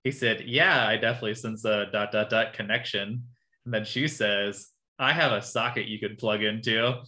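Casual co-host, woman, bright edge to the voice, amused reader of dating chats. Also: extremely low pitch, moderate pace. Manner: amused, laughing as she reads. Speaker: podcast co-host. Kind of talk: casual chat, reading dating messages aloud.

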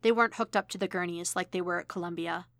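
A woman reads a story aloud in a steady, even manner. Her voice sits low with a gravelly fry, recorded close and dry. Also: fast, no echo. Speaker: podfic reader. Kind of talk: storytelling narration.

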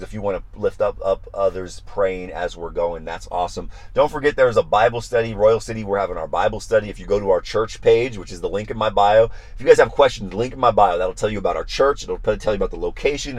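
A pastor, a man who talks passionately and says he gets loud, repeating his phrases in a devotional livestream talk. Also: on the low side, quick pace, few pauses, dry recording.

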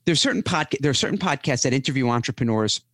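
A man guest on a podcast, talking casually and telling animated stories, acting out other people in raised voices. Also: medium pitch, fast, no room sound. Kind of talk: casual interview chat.

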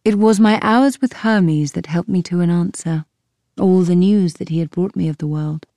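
A woman narrating a first-person audiobook in a measured, calm, literary manner. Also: fairly low pitch, no room sound, studio quality.

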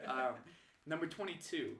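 Young man, animated podcast storyteller, bright, excitable delivery, roomy echo. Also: fairly high pitch, measured pace. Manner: animated storytelling, laughing, loud acted-out quotes. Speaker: podcast guest telling stories. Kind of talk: casual podcast chat. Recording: echoey room.

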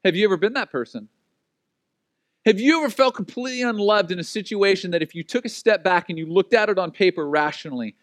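A man delivers a sermon in a slightly high voice, with animated storytelling. He slips into the voices of the people in his stories as he preaches. The sound is dry and close. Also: no room sound. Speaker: pastor.

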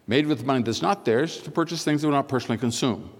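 Older man giving a speech in a hall. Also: mid-range voice. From United States. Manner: storytelling, acts out dialogue, measured pauses for emphasis. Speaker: speaker. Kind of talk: public speech. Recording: long hall reverb.

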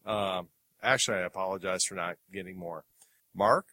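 Playing clips on his film review podcast, a man rambles in casual chat, laughing and leaning on fillers. He speaks at normal speed in a low voice, with a bright, forceful tone in a dry recording.

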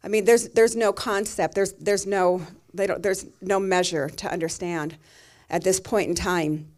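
A woman's voice: mid-range voice, fairly even intonation, a little slow, darkish tone. A middle-aged woman pastor giving a sermon, telling a personal story in a tender, emotional way.

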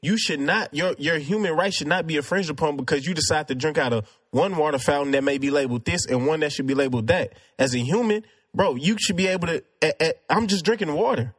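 A man's voice: a little high, quick pace, hardly any pauses, fairly bright tone. A man in a casual debate, talking earnestly and arguing his point with many restarts. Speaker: discussion participant.

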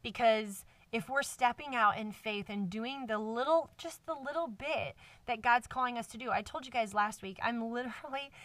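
A woman's voice: on the high side, normal speed, hardly any pauses, a bit bright, no echo, far from the mic. A woman hosting a casual faith podcast alone, talking earnestly and effusively with many fillers, close to tears, into a microphone set in a cardboard box. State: emotional. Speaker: podcast host.

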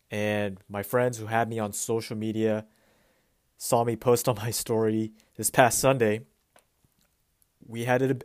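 Man, podcast host, low voice, dry close sound, relaxed rambling storytelling. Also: no echo. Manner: relaxed, rambling, with frequent restarts and fillers. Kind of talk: casual solo podcast storytelling. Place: Pacific Northwest US.

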